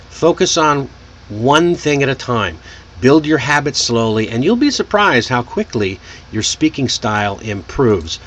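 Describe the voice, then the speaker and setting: This is a man running a live online English lesson. He speaks at an unhurried, deliberate pace in a mid-range voice, drawing sounds out as he models them for learners. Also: mid-range voice, fairly bright tone. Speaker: English teacher and show host.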